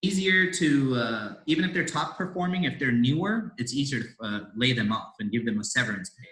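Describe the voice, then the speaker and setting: Young man from India, podcast guest, bright forceful voice, rambling with fillers, roomy echo. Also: mid-range voice, animated, fairly quick. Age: 20s. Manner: rambling, many fillers and restarts, swears casually. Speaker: podcast guest, door-to-door salesman. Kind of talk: casual interview storytelling.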